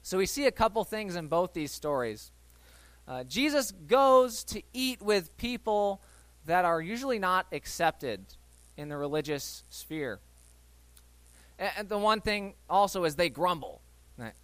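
Male pastor, high and very animated delivery, dry close sound, conversational sermon. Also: unhurried, no echo. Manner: animated, acts out voices in Bible stories; conversational, asks the listeners questions.

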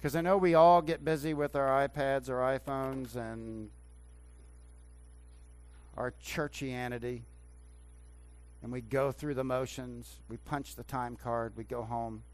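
A man preaching a sermon as pastor in a church, swinging between hushed talk and loud emphatic preaching. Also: medium pitch, flat delivery, slow pace, long pauses. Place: church sanctuary.

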